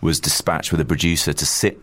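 A man's voice: a bass voice, level tone, brisk, a bit bright, no room sound. A middle-aged man from Chester, a journalist being interviewed, talking reflectively with frequent restarts and fillers. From Chester, England. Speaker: journalist guest. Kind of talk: conversational interview.

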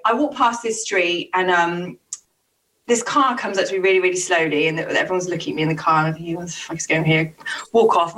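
A woman's voice: lowish voice, a bit bright, far from the mic, low-quality recording. A young woman telling stories in casual chat. She acts out the quotes and uses many fillers and restarts. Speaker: podcast co-host telling stories. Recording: voice a little off-mic.

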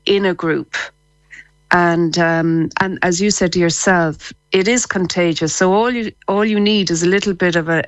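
A woman talking as a guest on radio. Her voice sits a little low and the sound is dry. She explains things in a relaxed way, quick to laugh. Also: no echo. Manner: chatty, explanatory, laughs easily. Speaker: psychotherapist and laughter therapist.

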